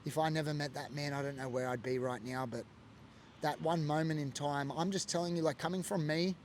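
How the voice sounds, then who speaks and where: Aussie guy from sydney, kinda high voice, halting and earnest, telling his own story. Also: steady tone, slight background noise. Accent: Australian. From Sydney, Australia. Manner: earnest, halting, restarts often. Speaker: former biker club member, guest. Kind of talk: candid personal storytelling.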